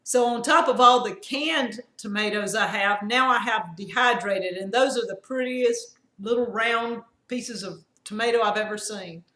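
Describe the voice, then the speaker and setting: A woman's voice: fairly high pitch, a little slow, hardly any pauses, sharp tone, reverberant. A woman hosting a live homestead stream, chatty and laughing often. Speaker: homestead channel host.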